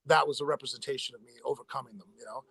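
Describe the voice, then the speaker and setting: A man telling a long personal story in a casual interview, in a rapid, rambling way with many fillers and restarts. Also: mid-range voice, creaky, bright, forceful tone, breathy edge. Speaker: interview guest, former fighter.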